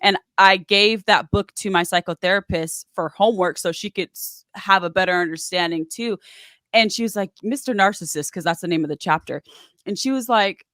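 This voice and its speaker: A woman's voice: medium pitch, brisk, dry recording, studio quality. A woman guest in an interview, telling her story casually and acting out what others said. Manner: animated, acts out quoted voices.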